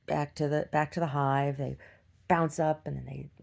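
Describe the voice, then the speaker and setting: A woman telling meandering stories in a casual video diary, halting and full of restarts. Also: low voice, little pitch movement, gravelly. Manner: halting, full of restarts and "like", shouts when acting out quotes. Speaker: video diarist. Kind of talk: rambling casual storytelling.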